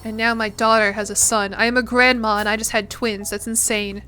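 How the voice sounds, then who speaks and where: A woman's voice: fairly high pitch, little pitch movement, a little fast, sharp tone, faint music behind. A young woman in her twenties, chatting casually and rambling as a streamer while she plays, swearing now and then. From United States. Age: 20s. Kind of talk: casual chat while gaming.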